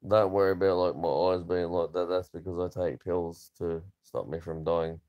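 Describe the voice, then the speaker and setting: A man's voice: low voice, fairly even intonation, moderate pace, a little mellow, highs cut off. Rambling, swearing man. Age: 30s. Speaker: vlogger. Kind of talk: casual chat to camera.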